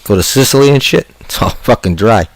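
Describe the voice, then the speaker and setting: A man's voice: mid-range voice, expressive, brisk, a crowd in the background. A man from western New England co-hosting a casual livestream chat, blunt and swearing freely. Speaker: livestream co-host.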